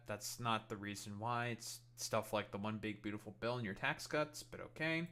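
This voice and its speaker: Bright-voiced man ranting profanely. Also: on the low side, normal speed, few pauses. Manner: exasperated, profane, mocking. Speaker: streamer. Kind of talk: casual ranting commentary.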